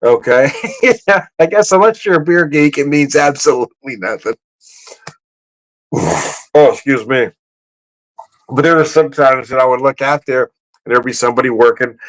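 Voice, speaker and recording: A man's voice: moderate pace, long pauses, low-quality recording. A man hosting a casual beer livestream, rambling and chuckling, correcting himself as he talks. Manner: raises his voice high to mimic greetings. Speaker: beer vlogger.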